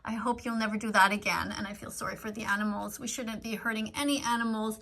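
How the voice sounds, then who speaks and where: Middle-aged woman, bright higher voice, earnest and pleading, reads out live-stream comments and lectures. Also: fairly even intonation, quick pace, creaky. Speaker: vegan activist reading live-stream comments. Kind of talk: casual live-stream chat.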